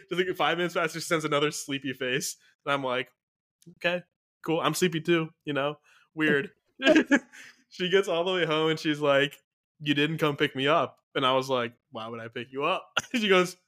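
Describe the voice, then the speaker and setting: A man co-hosting a podcast, telling stories in an animated, slangy way and laughing often in casual chat. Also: fairly high pitch. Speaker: podcast co-host.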